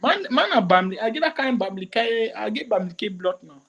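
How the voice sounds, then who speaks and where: A man, a comedian chatting in an interview, animated and quick to slip into French. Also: sits high, vocal fry, dull audio. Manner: animated, switches into French and mimicry. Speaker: comedian guest. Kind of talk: casual interview chat.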